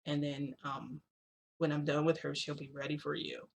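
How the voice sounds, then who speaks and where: A woman voicing a cold, scheming male doctor in a told story, speaking calmly and commandingly. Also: low-pitched, moderate pace, gravelly, slight background noise.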